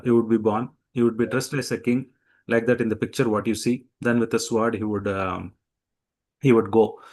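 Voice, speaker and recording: Animated male scripture teacher, hesitant. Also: on the low side. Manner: animated storytelling, frequent fillers and restarts, acts out quotes. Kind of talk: devotional scripture talk with slides.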